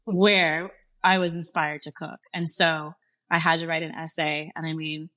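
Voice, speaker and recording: A middle-aged woman from Canada, a chef guest on a podcast, telling her story in a lively conversational way. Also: a little slow, no room sound. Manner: animated, acts out dialogue in a higher voice, laughs often.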